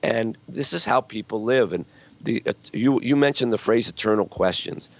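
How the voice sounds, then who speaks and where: A man's voice: mid-range voice, normal speed, no echo. A man in his sixties, a guest author telling stories earnestly and reflectively in a conversational interview. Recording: dull lo-fi sound.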